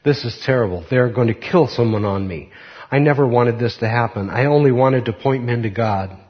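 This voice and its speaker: A man's voice: mid-range voice, a little fast, natural voice. A man voicing a humble young tree in a storybook reading, close to his own voice. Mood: distressed. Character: humble young tree who wants to point to God. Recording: muffled recording.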